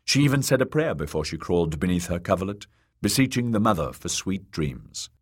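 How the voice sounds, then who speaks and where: A man narrating an audiobook in a measured, dramatic reading. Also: low voice, very animated.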